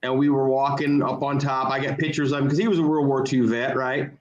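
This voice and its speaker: A man co-hosting a casual online chat, telling a long family story in a relaxed, anecdotal way. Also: medium pitch, brisk, muffled recording. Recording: echoey room.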